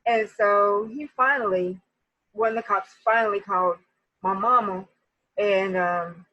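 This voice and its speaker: A woman telling a personal story to her viewers in a casual, animated way, often speaking to them directly. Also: mid-range voice, a little slow, no room sound, highs cut off. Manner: animated, talks straight to viewers.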